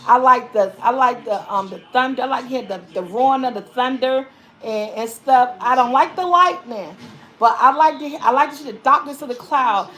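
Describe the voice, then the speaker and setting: A woman with a high voice hosts a relaxed live chat with her viewers. She rambles and repeats words and phrases as she goes, and calls out to her audience as y'all. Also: normal speed. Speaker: vlogger host. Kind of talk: casual live-stream chat reading viewer comments.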